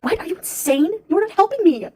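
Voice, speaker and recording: A woman's voice: extremely high pitch, expressive, brisk, warm tone. A woman playing a panicking wife calling 911 about her dying husband in a comedy skit, frantic and exasperated. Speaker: skit actor.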